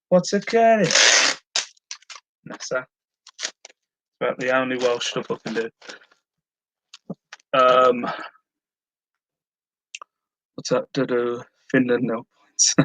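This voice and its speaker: A man's voice: mid-range voice, a bit bright, a little hiss or hum, poor audio. A man chatting casually on a live stream while packing orders at home and humming to himself. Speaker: online reseller streaming live. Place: at home, indoors.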